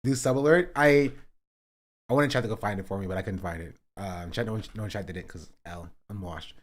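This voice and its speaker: A young livestream host with a lowish voice talks briskly over a little hiss or hum. He reacts to clips casually and sarcastically, laughing often.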